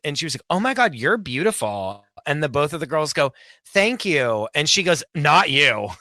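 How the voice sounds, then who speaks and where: Guy guesting on a podcast, blunt and swears a lot, lively bouncy voice, bright tone. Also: a little high, moderate pace, no room sound, studio quality. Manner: blunt, profane, animated storyteller. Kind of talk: casual chat.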